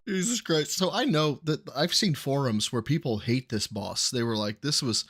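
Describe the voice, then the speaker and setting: A man's voice: medium pitch, moderate pace, background noise. A man hosting a casual reaction show, thinking aloud and teasing while watching gameplay. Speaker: host reacting to a stream.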